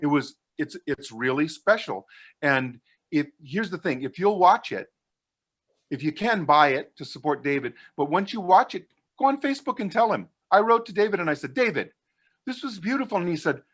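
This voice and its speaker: A man with a fairly high voice speaks in loose, casual podcast chat. He tells a story with eager enthusiasm, stumbling over restarts and filler words. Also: sing-song, normal speed, fairly bright tone.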